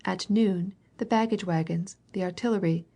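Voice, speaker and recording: A woman narrates a classic novel for an audiobook in a warm, mellow voice. Her reading stays even and unhurried at a middle pitch, with small lifts of pitch and pace when characters speak. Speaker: audiobook reader.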